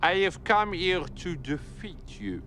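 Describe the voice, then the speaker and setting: A man's voice: high voice, big pitch swings, unhurried, sharp tone, faint music behind, full character voice. An actor playing a cocky French male racing driver with a put-on French accent, smug and theatrical.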